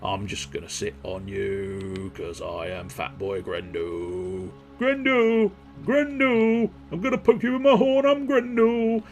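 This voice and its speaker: A man's voice: sits low, completely flat delivery, takes it slowly, vocal fry, hardly any pauses, soft background music, full character voice. A man doing a chunky boastful monster. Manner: silly, shouty, playful bragging.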